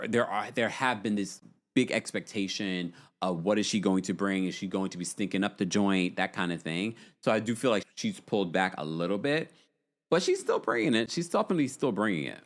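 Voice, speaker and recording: A man hosting a casual livestream recap, chatting and reading out viewer comments as he reacts. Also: fairly low pitch. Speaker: recap show host.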